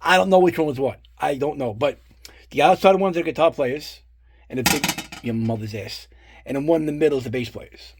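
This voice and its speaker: A middle-aged man tells loose, profane stories in a casual show-and-tell. His voice is somewhat husky and sits a little high for a man. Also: brisk. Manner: rambling, profane, full of fillers and asides. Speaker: collector showing his guitar picks.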